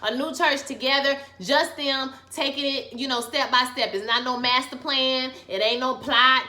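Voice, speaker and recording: A woman's voice: sits high, fairly even intonation, normal speed, bright, forceful tone. A young woman giving a chatty, slangy, dramatic recap and review of a TV series. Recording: echoey room.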